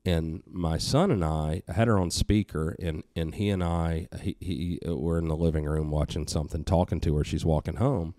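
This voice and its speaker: A middle-aged man with a very deep voice tells a story in casual podcast talk. He is animated and swears freely, acting out other people's voices. The sound is dry and close to the mic. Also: normal speed, hardly any pauses, no echo. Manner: animated, profane, acts out quoted voices.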